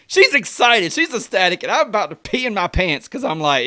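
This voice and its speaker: A man's voice: a little fast, hardly any pauses, no room sound, studio quality. A young man doing stand-up comedy, telling a story and acting out the voices of the people in it. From United States. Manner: animated, acts out voices with big pitch jumps.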